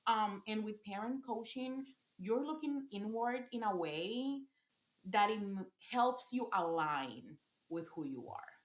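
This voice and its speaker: A woman's voice: medium pitch, expressive, slow pace. Woman parent coach, casual podcast talk, earnest, restarts phrases often, roomy echoey recording. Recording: roomy echo.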